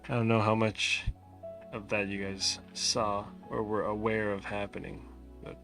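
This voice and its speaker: A man chatting casually on a live game stream, drowsy and soft-spoken, often trailing off and mumbling. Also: on the low side, flat delivery, measured pace, vocal fry, music in the background. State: sleepy. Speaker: livestreamer.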